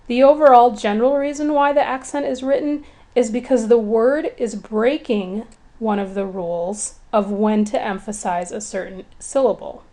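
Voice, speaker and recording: A woman with a slightly high, mellow voice teaches a Spanish lesson to beginners, narrating from a script at normal speed in a steady tone. Her delivery is clear, patient, and encouraging.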